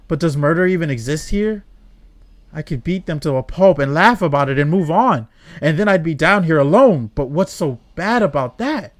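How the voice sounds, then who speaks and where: A man's voice: on the high side, dry recording, close to an everyday voice. A man reading a brooding, despairing trapped young woman. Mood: menacing. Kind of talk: reading game dialogue aloud.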